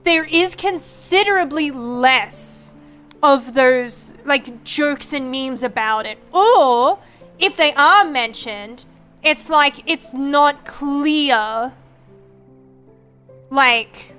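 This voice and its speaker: Woman, young adult, high-pitched, animated, swears a lot, casual stream chat. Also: takes it slowly, soft background music. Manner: sweary, rambling, animated storytelling. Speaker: vtuber streamer.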